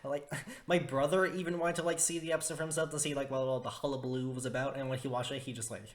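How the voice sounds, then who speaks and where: A young man talks through a cartoon review in a loose, rambling way. He keeps restarting his sentences, says "like" constantly, and piles on exaggerated disgust. His voice sits at an ordinary middle pitch for a man. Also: steady tone, fast. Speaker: video reviewer. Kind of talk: casual opinion review.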